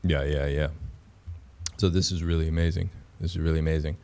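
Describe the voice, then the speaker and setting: A man with a very low voice hosts a casual livestream. He talks straight to his viewers with an excitable, repetitive way of speaking. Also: a little fast, gravelly. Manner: excitable, repeats phrases, talks to chat as "pups". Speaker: livestream host. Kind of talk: casual crypto livestream chat.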